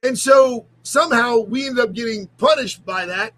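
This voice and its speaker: A middle-aged man talking in an emotional confessional vlog, close to tears, halting and often restarting his sentences. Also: very high-pitched, fairly bright tone, soft background music, poor audio. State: on the verge of tears. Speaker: ministry leader and vlogger.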